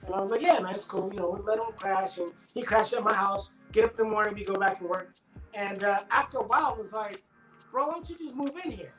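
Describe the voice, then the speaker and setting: A middle-aged actor being interviewed, telling stories in a loose, animated way and acting out his friends' voices. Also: high-pitched, echoey room, rough recording. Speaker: actor guest. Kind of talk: casual interview storytelling.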